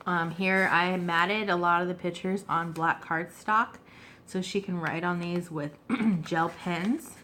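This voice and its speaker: A woman giving a relaxed, chatty show-and-tell of her handmade journal, clearing her throat now and then between fillers. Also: lowish voice, slow, slight background noise. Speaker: craft vlogger. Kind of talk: casual show-and-tell craft video.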